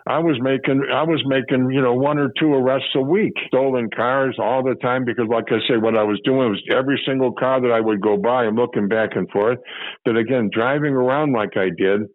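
A man's voice: mid-range voice, steady tone, a little fast, no room sound, narrow, tinny audio. An older man from Chicago, a former police officer telling stories from his career in an interview, rambling and repeating phrases as he remembers. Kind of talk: storytelling interview.

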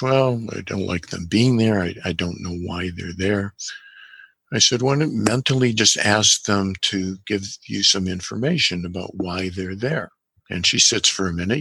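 A man talking as a podcast guest, calmly recounting a patient's case history from his healing work. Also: sits low, creaky, slightly rough, no room sound. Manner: calm, measured storytelling with quoted dialogue. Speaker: guest practitioner of guided imagery.

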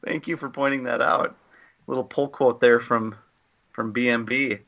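A man's voice: medium pitch, fairly even intonation, moderate pace, creaky, a bit bright, muffled recording. Opinionated man ranting on a podcast. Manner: opinionated, ranting critique with many fillers. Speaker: podcast co-host. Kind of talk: casual podcast discussion.

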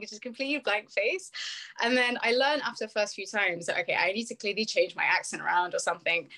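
A woman's voice: mid-range voice, fairly quick, sharp tone. A young British woman, a podcast guest, chatting casually and telling stories with frequent laughs. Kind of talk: casual interview chat.

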